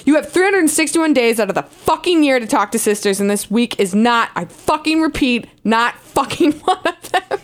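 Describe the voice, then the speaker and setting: A woman's voice: on the high side, expressive, normal speed, hardly any pauses. A woman reading a profane, aggressive email aloud in a mocking, angry tone. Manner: aggressive, mocking, lots of swearing.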